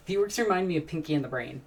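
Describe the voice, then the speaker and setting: A woman's voice: low voice, lively intonation, fast talker, far from the mic, heavy background noise. A woman hosting a casual live stream, chatting and answering questions from chat in a rambling, enthusiastic way, with frequent sighs and restarts.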